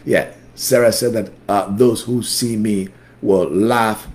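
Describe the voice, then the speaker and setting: A man preaching at a Bible study, fervent and emphatic, repeating key words and swinging between loud and soft. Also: on the low side, steady tone, slow pace. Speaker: pastor leading a Bible study. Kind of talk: sermon.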